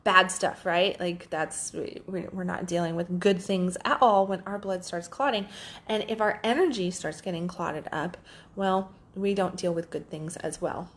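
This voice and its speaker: A woman life coach talking casually and candidly on a solo podcast, swearing freely and telling stories with lively quoted voices. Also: on the low side, unhurried. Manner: animated storyteller, quotes others in lively voices.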